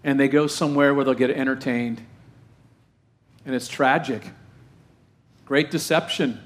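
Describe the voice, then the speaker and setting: A man preaching a sermon as pastor, full of rhetorical questions and emphatic repetition, slowing down to stress key phrases, with playful asides. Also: medium pitch, steady tone. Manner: playful asides and self-deprecating humor.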